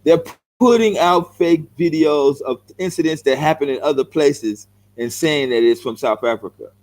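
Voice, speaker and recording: A man's voice: a little high, normal speed, darkish tone, poor audio. Man, middle-aged, los angeles accent, heated vlog rant, blunt, calls people bro. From South Central Los Angeles, United States. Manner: blunt, confrontational, repeats himself, calls viewers bro. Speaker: vlogger answering viewer comments. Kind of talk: heated direct-to-camera rant.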